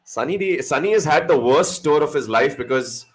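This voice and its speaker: A man with a husky, fairly high-pitched voice co-hosts a live cricket watch-along at normal speed with lively intonation. He calls the play while chatting casually, joking, swearing freely and teasing his co-host, in the style of a casual live-stream commentary.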